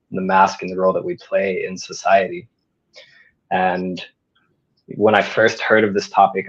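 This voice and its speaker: A man on a discussion panel, speaking in a thoughtful, measured way. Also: deep voice, breathy edge. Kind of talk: reflective discussion. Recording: dull lo-fi audio.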